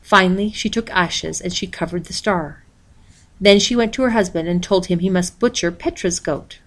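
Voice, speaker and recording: A woman reading a picture book aloud in a steady, expressive storytelling voice. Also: lowish voice, moderate pace. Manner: steady, expressive, reads page numbers aloud. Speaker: storybook reader.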